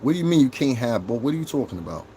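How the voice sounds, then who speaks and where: A man's voice: medium pitch, big pitch swings, very fast, warm tone, a little hiss or hum. A man with a New York accent in his thirties, hosting a casual livestream, brash and profane as he talks straight to his chat. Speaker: livestream host.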